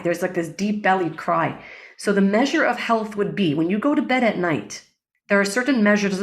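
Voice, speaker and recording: A woman guest on an interview, a breathwork facilitator explaining ideas earnestly, often checking in with "right?" and quoting Hebrew prayers. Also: on the low side. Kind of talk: reflective interview talk.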